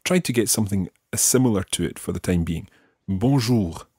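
A Scottish man teaches a podcast language lesson, slowing down to model each word with patient care. His voice sits low and a little husky. The recording is dry and close, with no room sound. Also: mellow, no echo. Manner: patient, slow, careful modelling of pronunciation. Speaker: French teacher.

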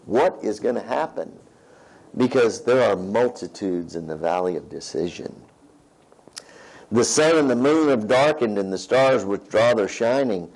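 A man's voice: medium pitch, darkish tone, rough recording. A man preaching a sermon, reading scripture aloud and checking in with his listeners in a conversational way. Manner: conversational, reads scripture aloud and asks "right?". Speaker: pastor.

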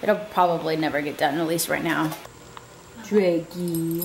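A woman's voice: sits low, fairly even intonation, measured pace, creaky, a little hiss or hum. A young adult woman chatting casually in a home vlog, laughing often and coaxing her pets. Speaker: vlogger.

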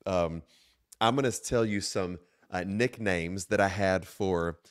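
A man, a bishop, hosting his talk show in an earnest, quick way with many filler words and restarts. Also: low-pitched, clean tone, no echo, studio quality. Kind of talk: sermon-like talk show monologue.

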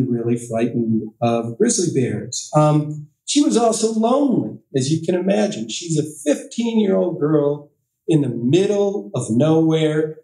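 Middle-aged man telling stories to an audience, mellow, roomy. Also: a little high. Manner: anecdotal, self-deprecating, with quoted voices. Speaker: author giving a library talk. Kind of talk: storytelling talk to an audience. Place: library meeting room. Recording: echoey room, distant mic.

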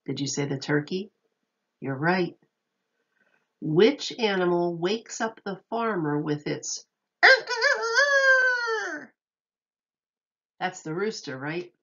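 Slow, patient woman teacher reading aloud. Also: fairly low pitch, lively intonation, highs cut off. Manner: slow, patient, asks children questions. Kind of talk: reading a picture book aloud to children.

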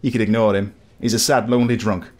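A man voicing a chatty village barkeep in a game, with a brisk, folksy way of talking. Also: fairly low pitch, steady tone, a little mellow, natural voice.

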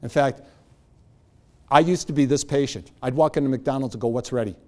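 A middle-aged man, a motivational speaker, giving an energetic, joking talk to a live audience and leading it in exercises. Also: medium pitch, normal speed.

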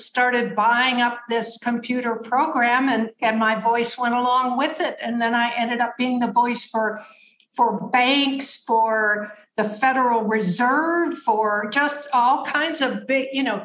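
Woman, 70s, a little scratchy, higher voice, thoughtful guest, roomy sound. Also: a bit bright. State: slightly scratchy voice. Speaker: guest, author. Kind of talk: conversational storytelling.

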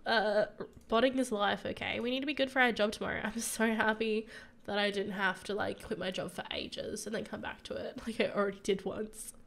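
A woman's voice: mid-range voice, fairly even intonation, fairly quick, gravelly, fairly bright tone. A young woman doing casual, laughing gameplay commentary with dramatic exasperated outbursts. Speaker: gaming youtuber.

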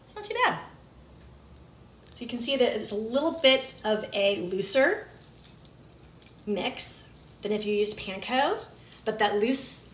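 A woman's voice: on the high side, noisy background. A woman hosting a cooking show, chatting casually with viewers as she talks them through each step. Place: home kitchen. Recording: echoey kitchen, mic at a distance, clattering dishes.

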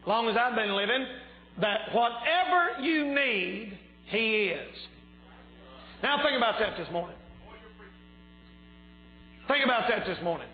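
A man preaching a fervent revival sermon in a church, shouting at times, his voice a little strained. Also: high voice. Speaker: pastor. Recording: echoey church hall, tinny phone-like sound.

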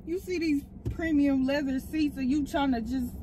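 Woman w a high voice sweet-talking and teasing from the car seat, lots of noise around. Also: normal speed, mellow, low-quality recording. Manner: teasing, coaxing, mock-soothing. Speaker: prankster vlogger. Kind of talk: casual prank banter in a car. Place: inside a parked car.

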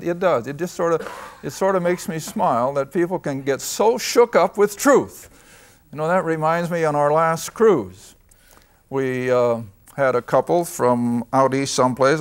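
An older man teaching a folksy Bible lesson, emphatic, asking questions and answering them himself. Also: medium pitch. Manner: emphatic, asks and answers his own questions.

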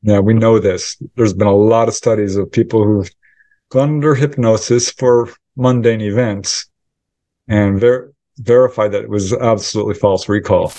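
A man's voice: on the low side, fairly even intonation, normal speed, dark tone, no room sound. A man who researches UFOs, answering interview questions by telling a story and acting out the quoted dialogue in it. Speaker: UFO researcher and author.

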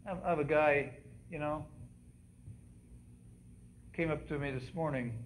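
A man preaching to his church congregation, his voice sitting a little high for a man and rising to dramatic calls as he repeats the cries of the story he is telling. He keeps asking questions of the listeners and checking that they follow. A faint room hiss stays behind him throughout. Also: a little slow. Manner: animated preaching that quizzes the congregation. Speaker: pastor. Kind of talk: sermon. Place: church sanctuary.

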